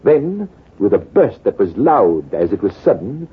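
A composed army major in a 1940s radio play, telling his war story in a measured way. His husky voice rises and falls in a lively way. The recording is thin and tinny. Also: on the low side, exaggerated voice. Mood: calm. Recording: tinny, lo-fi old radio broadcast.

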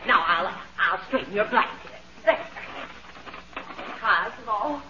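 An actress playing a fussy, sentimental middle-aged wife in a 1940s radio comedy, shrill and melodramatic, sobbing theatrically, on a dull old radio recording. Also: female voice, animated, takes it slowly, pushed and bright, a little hiss or hum.

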